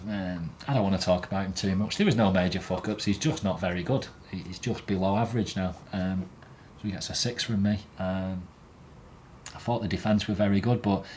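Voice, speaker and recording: A man with a very low voice talks through player ratings in a casual, opinionated way. He is blunt and swears freely. A faint background hiss sits under the recording. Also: darkish tone. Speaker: football fan podcast host.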